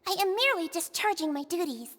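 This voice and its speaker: A woman's voice: very high voice, sing-song, fast, big-room sound, slight background noise, exaggerated voice. Sweet tiny nurse girl. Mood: earnest. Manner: polite, soft-spoken. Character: small gentle nurse girl, earnest and dutiful.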